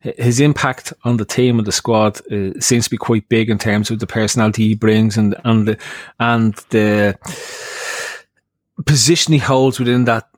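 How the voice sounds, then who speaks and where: A man with an Irish accent co-hosting a football podcast, bantering fast and joking with exaggeration. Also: on the low side, steady tone, dry recording, clean studio sound. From Ireland. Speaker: podcast co-host. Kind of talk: casual chat.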